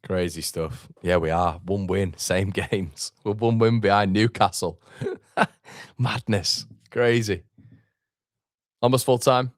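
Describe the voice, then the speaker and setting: A man's voice: lowish voice, fairly even intonation, slow, pauses often, no echo, studio quality. A man hosting a live football watchalong, chatting casually, reading out viewer comments and reacting to the match. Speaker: fan channel host.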